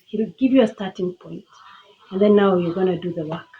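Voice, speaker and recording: A woman's voice: medium pitch, a little fast, narrow, tinny audio, a little hiss or hum. A woman with a Kenyan accent giving an earnest, faith-filled personal testimony in a motivational tone.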